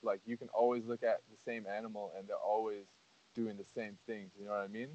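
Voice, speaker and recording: A man's voice: lowish voice, little pitch movement, brisk, a little mellow. A man hosting a casual podcast, talking earnestly in a rambling way with lots of "like" and "you know". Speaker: podcast host. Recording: dull lo-fi audio.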